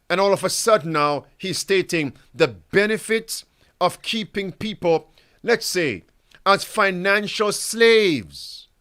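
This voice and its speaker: A man with a high voice preaches in an unhurried, deliberate way. He keeps turning to his listeners with pointed rhetorical questions and addresses them as beloved, friends, and brothers and sisters. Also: fairly bright tone. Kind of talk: preaching commentary.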